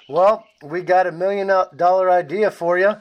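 A man's voice: high voice, moderate pace, muffled recording, background noise. A middle-aged man hosting an interview, asking questions in an upbeat, chatty way. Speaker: podcast host. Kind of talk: casual interview.

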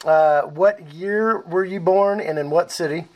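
Casting: middle-aged male interview host, high-pitched, upbeat and chatty with his guest. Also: measured pace, lo-fi sound. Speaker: podcast host. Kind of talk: casual interview.

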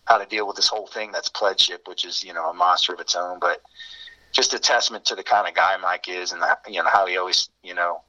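A man's voice: low-pitched, steady tone, fast, pushed and bright. A man telling fraternity-days stories in a rambling, laid-back way, heard over a muffled remote line. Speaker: interview guest. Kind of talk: casual storytelling.

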